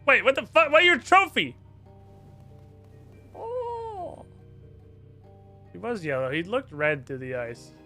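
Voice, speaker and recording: A man's voice: very high voice, very animated, slow pace, long pauses, bright, forceful tone, faint music behind. A man streaming a game live, thinking aloud in a brash, profane way. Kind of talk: live gameplay commentary.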